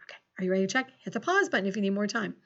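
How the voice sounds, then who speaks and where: A woman teaching a recorded phonics lesson to second graders, encouraging and slowly dictating sentences with big swings in her voice. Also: mid-range voice, lively intonation, a bit bright, lo-fi sound.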